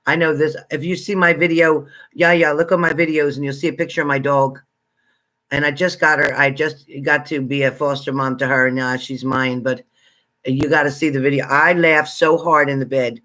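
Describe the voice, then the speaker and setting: A man hosting a casual livestream, chatting with viewers and greeting them by name, excitable and exclamatory. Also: fairly high pitch, normal speed. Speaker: livestream psychic reader. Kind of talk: casual live chat with viewers.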